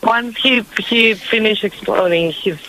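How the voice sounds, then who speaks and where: A man's voice: high-pitched, sharp tone, a little hiss or hum, low-quality recording. A man calling in to an advice show, speaking hesitantly and restarting his sentences. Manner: hesitant, halting, restarts often. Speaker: caller. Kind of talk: call-in conversation.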